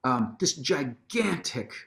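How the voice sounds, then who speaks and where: A man's voice: slow pace, creaky. A man telling a long anecdote in an onstage conversation, casual and profane, acting out what people said with sudden jumps in his voice. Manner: animated storyteller, acts out quotes with big pitch jumps; casual, swears freely, restarts sentences. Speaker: guest, musician and author.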